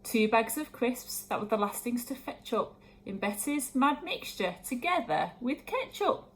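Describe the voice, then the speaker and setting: Woman, children's book read-aloud, expressive, rhyming, slightly high voice. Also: measured pace. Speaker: storyteller.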